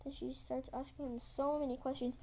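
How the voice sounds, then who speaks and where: A woman's voice: sits high, level tone, a little fast, warm tone, low-quality recording. A woman telling a made-up story casually while drawing, rambling with many restarts.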